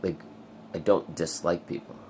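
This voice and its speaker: A man with an extremely low voice and a gravelly fry rambles through a personal vlog. He swears freely and leans on fillers. A faint hiss sits under his voice. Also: fairly even intonation, moderate pace, darkish tone. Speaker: vlogger.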